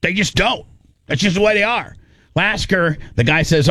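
A man's voice: high voice, normal speed, dry recording, studio quality. A man telling a long, rambling story in casual talk, acting out what people said. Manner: animated, rambling, acts out quotes.

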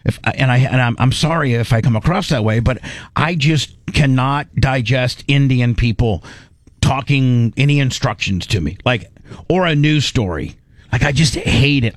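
A man's voice: medium pitch, normal speed, no echo. A man hosting a radio show in casual chat, rambling, teasing and poking fun at himself. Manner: rambling, teasing and self-mocking.

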